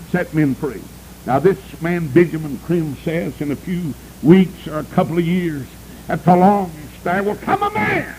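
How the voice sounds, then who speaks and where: With a slightly mellow voice, a male preacher gives a fiery, emphatic sermon, his pitch swooping as he calls for amens from the congregation. A bit of hiss or hum runs through the low-quality recording.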